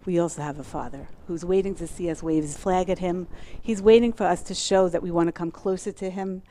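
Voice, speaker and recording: A woman lecturing a class in a quick, eager flow. Her voice sits somewhat low for a woman, and she talks fast to fit in all she has to say. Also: steady tone, dark tone. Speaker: teacher.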